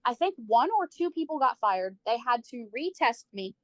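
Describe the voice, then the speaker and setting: A woman's voice: fairly high pitch, animated, normal speed, dry recording. A woman livestreamer telling a personal story in casual chat, saying "like" a lot, swearing freely and acting out the people she quotes.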